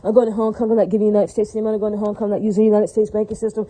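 A woman's voice: mid-range voice, little pitch movement, rapid-fire, warm tone, rough recording. A woman in a rambling casual monologue, preachy and full of religious phrases, often asking "does that make sense".

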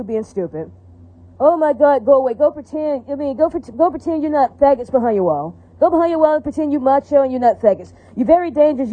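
A woman ranting in a rambling, profane, repetitive monologue. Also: high voice. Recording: tinny phone-like audio, dry.

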